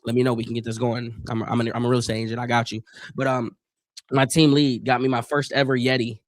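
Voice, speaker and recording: A man from Northeast Ohio hosting a live stream, giving casual play-by-play, chatting with viewers in loose slang, his voice getting hoarse. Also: medium pitch, level tone, fast talker, dry recording. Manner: chatty, loose slang, reads chat aloud. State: voice going hoarse.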